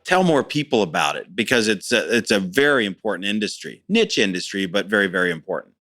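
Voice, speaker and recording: A man's voice: fairly low pitch, sing-song, a little fast, fairly bright tone, no echo. A middle-aged man talking as a business owner in a conversational interview, enthusiastic and plain-spoken, often repeating words as he starts a phrase.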